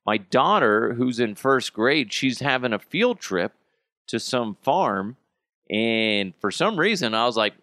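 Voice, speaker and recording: A man in his thirties hosting a casual solo podcast from his basement, talking in an animated, joking and profane way. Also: medium pitch, slow, no room sound, studio quality. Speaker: podcast host. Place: home basement.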